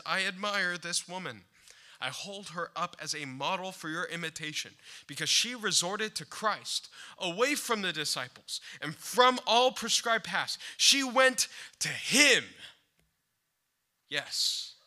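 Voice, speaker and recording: A man delivers a fervent sermon in a high voice. His tone is sharp and keen, and it rises to loud urging before sinking to hushed intensity. He reads formal passages and breaks in now and then with plain asides. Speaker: preacher.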